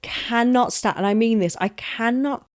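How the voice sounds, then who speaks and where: A woman's voice: a little high, measured pace. A young woman from London, hosting a solo podcast in a chatty, rambling, emphatic way, swearing often and making asides about herself. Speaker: podcast host. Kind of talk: casual solo podcast rant.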